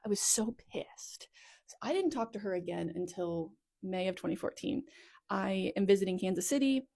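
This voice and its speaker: A woman's voice: mid-range voice, expressive, a little fast, vocal fry, mellow. Chatty woman in her thirties, rambling. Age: 30s. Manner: rambling and chatty, full of "like" asides and self-corrections. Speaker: content creator telling her life story. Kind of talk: casual storytime monologue. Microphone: phone.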